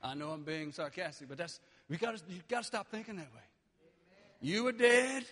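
A man preaching a sermon with passion, dropping low and then rising to shouts. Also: animated, normal speed, long reverb tail. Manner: impassioned, swings between quiet and shouting.

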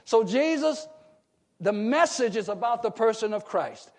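A man preaching a sermon, asking the congregation questions and swelling into emphatic shouts as listeners call back. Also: high-pitched, animated, measured pace. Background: congregation calling out responses.

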